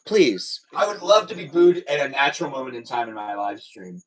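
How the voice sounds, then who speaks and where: A young man hosts a casual livestream in a mid-range voice with big pitch swings, talking fairly quickly. He rambles hesitantly with many fillers and restarts, heard through a distant mic on a rough recording.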